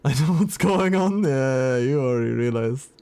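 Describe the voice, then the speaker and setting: A man's voice: medium pitch, expressive, moderate pace, mellow, smooth. A man streaming live, chatting casually and reacting to messages from his chat.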